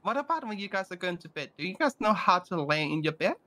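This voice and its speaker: A woman's voice: on the low side, very animated, quick pace, fairly bright tone, a little hiss or hum. A woman in a role-play acting as a police academy instructor, giving the group orders in a teacherly way. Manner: bossy, teacherly, addresses the group.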